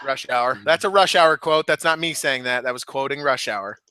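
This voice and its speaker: A young man co-hosting a podcast in casual, animated chat, swearing and laughing often. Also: mid-range voice, normal speed, a little hiss or hum. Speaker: podcast co-host.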